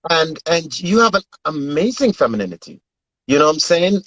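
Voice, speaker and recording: A man in an earnest, animated casual chat, often repeating himself. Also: on the high side, a little fast, dull audio.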